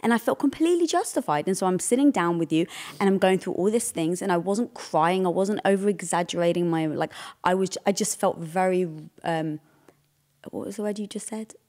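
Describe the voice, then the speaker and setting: A woman's voice: on the low side, a little fast, a little mellow. A woman co-hosting a casual relationship talk, telling a personal story in a chatty way with plenty of fillers. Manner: chatty, filler-heavy retelling. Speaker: co-host.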